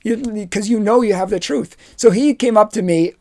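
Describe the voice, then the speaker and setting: A man giving a youth retreat talk, telling personal stories with lively energy and acting out the dialogue. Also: sits high, moderate pace. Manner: animated storytelling, acts out dialogue. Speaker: confirmation retreat speaker.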